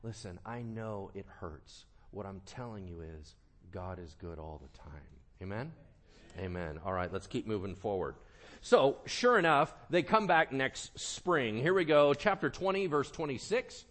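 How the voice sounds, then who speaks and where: A male pastor preaching a sermon, swinging from quiet earnest talk to loud animated bursts and acting out quoted voices. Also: on the low side, a little slow.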